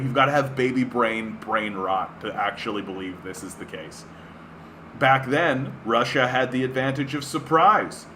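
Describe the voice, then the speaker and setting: A Canadian man streams political commentary in a medium-pitched, fairly bright voice, reading an article aloud. He keeps breaking into sarcastic, profane rants peppered with "right?", and slight background noise can be heard.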